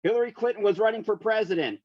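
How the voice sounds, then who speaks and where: Man co-host, high voice, quizzing style, dull lo-fi dry sound. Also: quick pace, no room sound. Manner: quizzing others, storytelling with restarts. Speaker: podcast co-host. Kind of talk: casual comedic chat.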